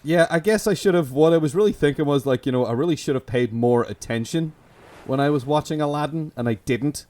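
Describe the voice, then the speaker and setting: A man's voice: on the high side, fairly quick, darkish tone. A man with a Belfast accent co-hosting a podcast, rambling through a comedic improvised bit with lots of restarts and giggles. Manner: rambling, self-interrupting, giggly. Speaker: podcast co-host. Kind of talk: comedic improvised sketch chat.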